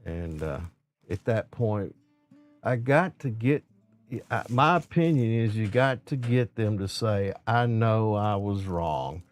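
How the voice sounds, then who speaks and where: A man's voice: on the low side, expressive, unhurried, soft background music. A man telling folksy, rambling safety stories in a casual live-stream monologue, acting out the dialogue himself.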